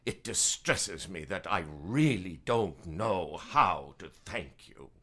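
A man plays a polite, deferential contractor in a stage play. His voice is very deep and husky with a bright edge. His pitch swings widely from line to line. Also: big pitch swings, slow, exaggerated voice. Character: deferential male contractor with honorary title, polite. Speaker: actor in a play. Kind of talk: theatrical stage-play acting.

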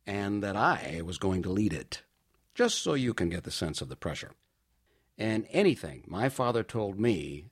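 Husky man telling a comic story. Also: on the low side. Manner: animated, wry, mock-grand storytelling. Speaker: monologue performer.

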